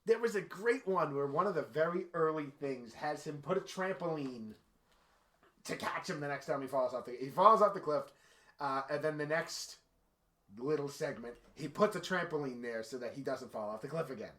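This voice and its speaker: A man's voice: fairly high pitch, animated, moderate pace. A man chatting casually with a bandmate between songs, easily amused and laughing as he tells a story. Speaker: musician and co-host. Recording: loud guitar playing behind.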